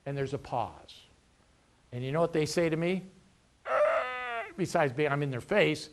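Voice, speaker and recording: Middle-aged man, punchy motivational speaker, swings his pitch widely. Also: normal speed. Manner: energetic, lively, acts out dialogues. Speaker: veterans' employment representative. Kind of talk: career workshop talk.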